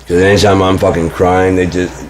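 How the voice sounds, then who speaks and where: A man's voice: low voice, flat delivery, normal speed, a little hiss or hum. A man telling a personal story in an agitated, profane monologue with many restarts. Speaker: vlogger.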